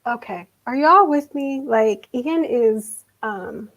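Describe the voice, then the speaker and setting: A woman's voice: on the high side, expressive, slow pace, fairly bright tone, muffled recording. Eager female interview host. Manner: affirming, eager, prompts the guest. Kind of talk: casual interview chat.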